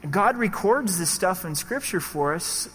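A man's voice: sits high, expressive, measured pace, a bit bright, slightly rough, big-room sound. A man preaching a sermon in a conversational way, acting out the voices he quotes. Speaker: pastor.

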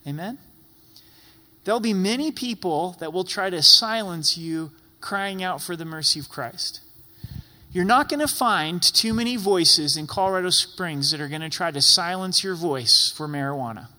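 Preaching in a church sanctuary, this male pastor is emphatic, repeating phrases for effect in a high-pitched, expressive voice with a sharp tone at a moderate pace. The large hall gives the recording a long reverb.

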